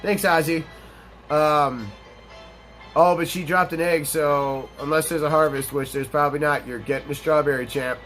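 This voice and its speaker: A young gaming channel host with a fairly high, fairly bright voice rambles through a let's-play, blending game chatter with a long, profane anecdote. He speaks casually and animatedly in a steady tone at normal speed, with faint game music playing beneath him.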